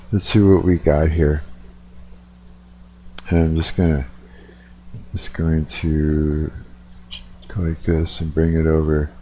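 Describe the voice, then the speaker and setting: With a mellow bass voice, a livestreamer talks casually and rather tiredly, swearing freely, rambling, and starting sentences over. A slight hiss or hum is present.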